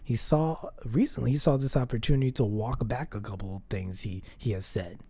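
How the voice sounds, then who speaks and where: A man's voice: medium pitch, fairly quick, mellow, breathy edge, no echo. A man hosting a solo podcast, giving casual, opinionated commentary with a ranting manner, frequent restarts and some swearing. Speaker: podcast host.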